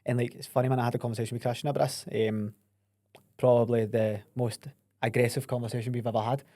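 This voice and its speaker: A man's voice: medium pitch, level tone, fast, warm tone, no echo, clean studio sound. A man hosting a podcast, telling stories in casual chat with lots of energy and swearing. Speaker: podcast host.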